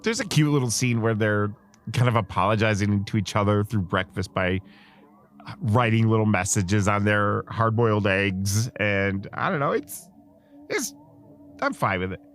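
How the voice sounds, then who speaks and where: A man's voice: fairly low pitch, animated, moderate pace, fairly bright tone. A man co-hosting a film podcast, chatting casually in a rambling, hesitant way and often correcting himself. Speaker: podcast co-host. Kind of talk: casual film-review chat.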